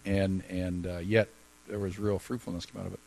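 Low voice guy in ministry telling his story, earnest, halting a bit. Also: little pitch movement, creaky, darkish tone, poor audio. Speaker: ministry leader sharing testimony. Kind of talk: personal testimony.

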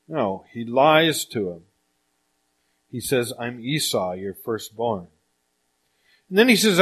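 A man preaching a sermon, retelling a scripture story in an animated way and often changing his pace. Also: mid-range voice, slightly rough. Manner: animated storytelling, speeds up and slows down. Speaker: pastor.

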